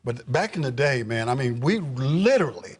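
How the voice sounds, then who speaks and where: A man's voice: mid-range voice, sing-song, moderate pace, slightly rough. A man, a former co-host, talking in an exuberant, slangy way and laughing as he recalls old studio days. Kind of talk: casual reminiscing chat.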